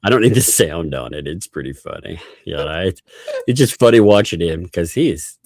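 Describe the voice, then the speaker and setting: A man's voice: sits low, animated, normal speed, darkish tone, no echo, studio quality. A man hosting a casual live-stream chat, often laughing through his sentences. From the Bronx. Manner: laughs often, chuckling asides. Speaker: host.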